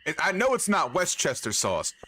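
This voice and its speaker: A man's voice: a little high, huge pitch swings, normal speed, over music. A young man from New York live-streaming a game, chatting casually with viewers in a playful, profane, hyped-up way. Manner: profane, playful, hype banter with chat. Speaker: livestreamer. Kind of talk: casual live-stream chat while gaming.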